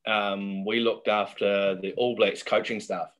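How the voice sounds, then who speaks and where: A man's voice: lowish voice, flat delivery, measured pace, a bit bright. A middle-aged man, a guest telling chatty, laughing anecdotes in a casual interview.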